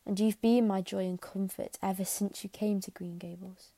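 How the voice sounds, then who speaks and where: A woman voicing a stern, reserved older woman who speaks haltingly and with restraint. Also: mid-range voice, fairly even intonation, vocal fry, warm tone, dry recording. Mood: tender.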